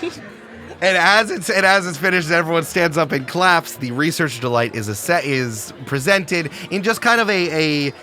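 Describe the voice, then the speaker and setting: A man's voice: a little high, lively intonation, moderate pace, sharp tone, faint music behind. A man narrating a tabletop role-playing game as game master, playful and laughing often.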